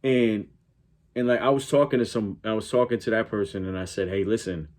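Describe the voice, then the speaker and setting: A man with a very low, deep voice talks casually to his viewers. He rambles and stops to restart his sentences, filling gaps with "um" and "like". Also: a little fast, a little mellow. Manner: rambling, many restarts and fillers. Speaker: reaction channel host. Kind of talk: casual talk to camera.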